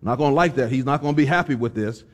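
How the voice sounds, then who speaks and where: A man voicing a worried young farm boy who keeps hesitating, in a lower, softer voice than his own. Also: very fast, close to an everyday voice. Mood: reluctant. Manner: hesitant, reluctant.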